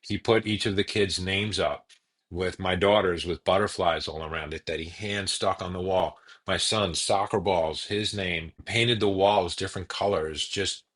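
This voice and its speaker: A man telling his personal story as a podcast guest, earnest and halting, with frequent restarts. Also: deep voice, steady tone, a bit bright.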